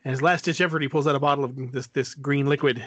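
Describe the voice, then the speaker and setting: Halting male co-host telling a story. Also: medium pitch, fairly even intonation, fairly bright tone, no echo. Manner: halting, full of fillers and restarts, storytelling. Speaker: podcast co-host. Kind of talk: casual chat.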